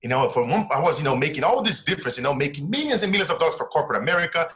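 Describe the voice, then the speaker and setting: A man's voice: fairly high pitch, sing-song, very fast, fairly bright tone. A middle-aged man from Brazil with a Brazilian Portuguese accent, a success coach telling a personal story in earnest, broken English.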